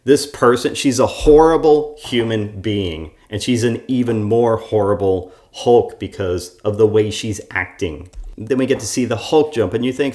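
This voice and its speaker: Guy with a lowish voice ranting sarcastically in a review vlog. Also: normal speed, a little mellow. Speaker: show reviewer. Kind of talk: critical commentary vlog.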